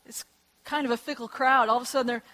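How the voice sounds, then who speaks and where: A woman preaching a sermon, telling gospel stories in a lively way and acting out the voices of the people in them. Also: on the high side, fast. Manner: lively storytelling with acted voices and laughs.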